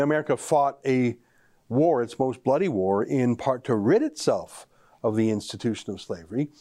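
A man's voice: medium pitch, mellow. A man hosting a political commentary show, talking emphatically and straight to the listener. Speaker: show host.

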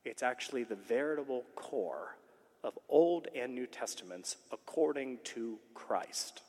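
A man's voice: medium pitch, a little slow. Earnest man preaching in a reverberant hall. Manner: earnest, animated storytelling. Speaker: conference speaker. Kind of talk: sermon-like conference talk. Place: large conference hall. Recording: long reverb of a large hall.

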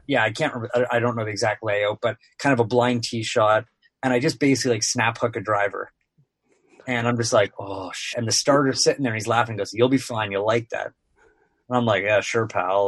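A sports broadcaster guest, a man in his thirties, telling casual stories on a podcast, rambling with lots of filler words. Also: medium pitch.

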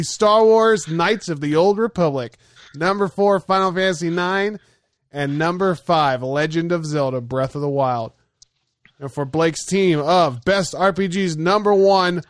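A man hosts a casual podcast with friends, easygoing and quick to swear. His voice sits a little high. The sound is close and dry, with no room around it. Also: dry recording. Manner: laid-back, swears freely, reads lists aloud. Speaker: podcast host.

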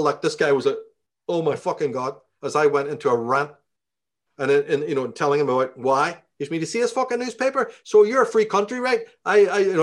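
A man from Belfast with a Northern Irish accent, telling a story in a casual interview, profane and heated as he rants. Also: fairly high pitch. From Belfast, Northern Ireland.

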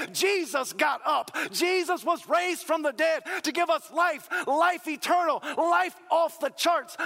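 A man preaching a sermon with passion, his delivery swelling into shouts. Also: very high voice, vocal fry, long reverb tail. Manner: impassioned, rising to shouts.

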